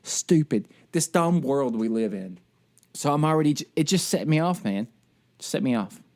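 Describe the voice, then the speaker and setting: Male podcast co-host, worked-up storyteller with a higher-than-usual voice. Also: brisk. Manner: animated ranting storyteller. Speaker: military service member. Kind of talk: casual podcast chat.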